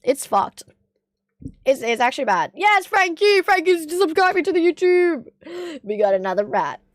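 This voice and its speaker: A young woman from Australia streaming casually with a hoarse, strained voice, chatting, swearing and reading chat aloud. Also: extremely high pitch, very animated, moderate pace, no room sound. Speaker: livestreamer.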